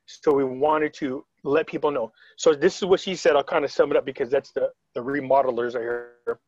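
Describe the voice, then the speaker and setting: A man's voice: medium pitch, steady tone, a little fast, a little mellow, no room sound, dull audio. A man telling a story on a video call in a casual, rambling way, retelling quotes with frequent restarts. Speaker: interviewee.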